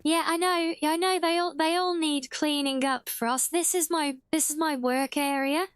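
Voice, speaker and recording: A woman's voice: high-pitched, steady tone, moderate pace, no echo. A British woman streaming a game live, chatting casually, often correcting herself mid-sentence and answering her chat. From Britain (half English, half Welsh).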